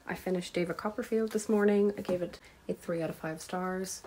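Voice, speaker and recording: A woman's voice: fairly low pitch, fairly even intonation, brisk, mellow, slight background noise. A woman talking casually to camera in a reading vlog, candid, chatty and self-mocking. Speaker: book vlogger.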